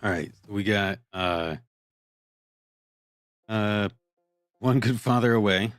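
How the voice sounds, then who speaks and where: A man co-hosting a podcast who reads out items in a deadpan way. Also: lowish voice, takes it slowly, no room sound, soft background music. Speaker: podcast co-host reading listener titles. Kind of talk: casual banter.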